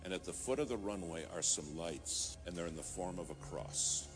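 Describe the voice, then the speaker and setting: A man's voice: deep voice, moderate pace. A man preaching a sermon, telling a story and rising to fervent emphasis. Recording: music playing behind.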